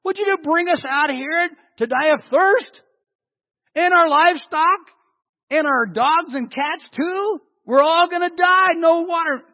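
A man voicing a crowd of grumbling desert wanderers in a high, whiny, panicky complaint, heard through a dull recording with long hall reverb. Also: a little slow. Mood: whining.

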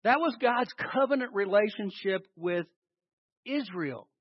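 A man's voice: sits high, a little slow, no echo. A man preaching a sermon, quizzing his listeners with questions and answering them himself. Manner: animated, asks the congregation questions and answers them. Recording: dull lo-fi recording.

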